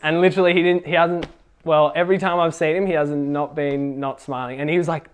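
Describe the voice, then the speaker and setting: A young man telling a faith testimony at a casual youth gathering, excitable and full of fillers. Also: a little high, fairly quick, smooth. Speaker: youth group speaker.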